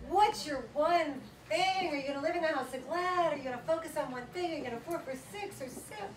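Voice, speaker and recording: A woman speaker talks to a live audience in a large hall, her voice a bit high and echoing as if picked up from some distance. She tells stories with lots of animation and laughs along the way. The audience's murmur and a hiss of background noise stay under her. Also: racing. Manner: animated storytelling, acts out quotes, laughs often. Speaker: workshop speaker. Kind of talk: lively motivational talk.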